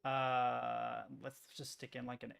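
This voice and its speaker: A man's voice: mid-range voice, completely flat delivery, takes it slowly, gravelly, a bit bright. A man streaming, chatting casually in a rambling, self-interrupting way while he makes music on a computer, swearing now and then.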